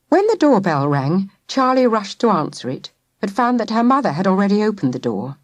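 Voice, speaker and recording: A woman narrating a children's audiobook with a lively, clear reading. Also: mid-range voice, moderate pace, few pauses, no echo. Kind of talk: storybook narration.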